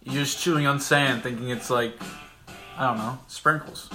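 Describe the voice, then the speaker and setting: A man's voice: mid-range voice, fairly even intonation, moderate pace, bright, forceful tone. A young man in a loose, jokey chat at home, cursing easily and riffing on silly ideas. Music plays behind him. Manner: laid-back, swears freely, jokey. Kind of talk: casual chat. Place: a house.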